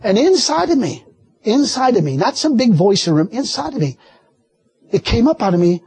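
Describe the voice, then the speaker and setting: A man preaching a sermon with folksy, animated storytelling and frequent laughter. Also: very high-pitched, moderate pace, slightly rough, no room sound.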